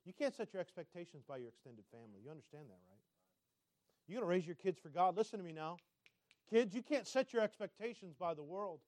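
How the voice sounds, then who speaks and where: A male pastor preaching a sermon, swinging between loud emphatic lines and quiet asides and asking the congregation direct questions. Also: high-pitched, dry recording, clean studio sound.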